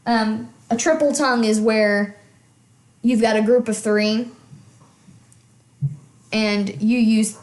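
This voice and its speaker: Here a woman music teacher speaks slowly with long pauses, her slightly high, darkish voice keeping a fairly even intonation. Her casual, chatty instruction is peppered with "okay?" check-ins, and the room echoes.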